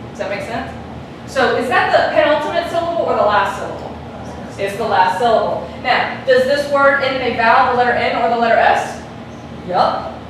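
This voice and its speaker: In a noisy, echoey classroom taped from afar, a woman with a slightly high voice teaches Spanish at a normal speed. She repeats her questions patiently and draws out words to mark their stress.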